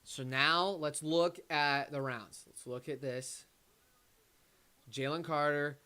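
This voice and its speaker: A man hosting a casual live-stream watch party, reading viewer comments aloud and reacting. He is excitable and swings between loud bursts and low muttering. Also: slow pace, clear, resonant tone. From Detroit area. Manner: excitable, talks to chat and his pet, swings from loud to muttering.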